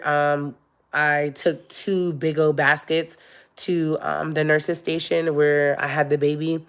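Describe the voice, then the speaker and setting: A young adult woman talking candidly and emotionally to her viewers on a live stream, with many fillers. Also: low-pitched. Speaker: vlogger. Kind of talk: casual live-stream chat.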